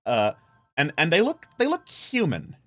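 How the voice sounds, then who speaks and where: A man's voice: on the high side, huge pitch swings, measured pace, fairly bright tone. A man narrating as game master of a tabletop role-playing game, with many hesitations and fillers.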